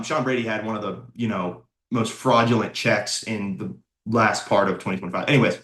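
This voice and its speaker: A young man hosting casual opinion commentary on fighters, excitable, blunt and full of slang. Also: mid-range voice. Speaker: sports commentator and channel host. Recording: roomy echo.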